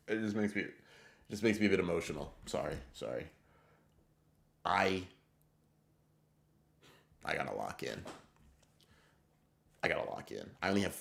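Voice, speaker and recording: A deep-voiced man hosts a live stream and talks casually with his viewers. He rambles in excitable bursts and swears freely as he answers them. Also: creaky. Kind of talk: casual livestream chat reading viewer messages.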